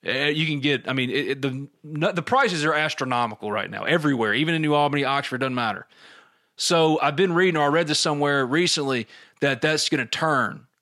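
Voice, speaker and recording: A man's voice: fairly high pitch, fairly quick, bright, forceful tone. A middle-aged man hosting a podcast, chatting casually and reading listener questions aloud.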